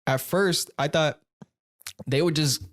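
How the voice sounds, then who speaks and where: A man's voice: fairly high pitch, slow. A man hosting a podcast, talking in a loose, casual way, swearing freely and chuckling often as he tells stories. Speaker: podcast host. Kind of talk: casual chat.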